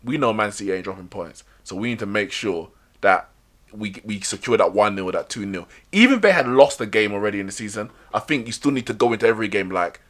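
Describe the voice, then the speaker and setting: A man's voice: fairly low pitch, expressive, fast, fairly bright tone. A man co-hosting a casual sports podcast, chatty and teasing. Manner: chatty, laughs often, teasing. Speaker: podcast co-host.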